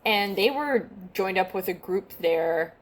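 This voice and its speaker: A young adult woman co-hosts a casual podcast, reading from notes in a chatty, self-deprecating way. Her mid-range voice is unhurried with lively intonation, and she stumbles over names.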